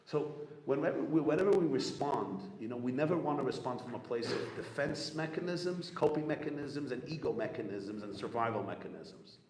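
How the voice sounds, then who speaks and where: A man giving a storytelling talk to a gathering, animated and repetitive, acting out the people he quotes. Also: mid-range voice, a little fast. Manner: animated storyteller, repeats phrases, acts out quotes. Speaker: rabbi speaking at a gathering. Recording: echoey hall with long reverb, faint room noise.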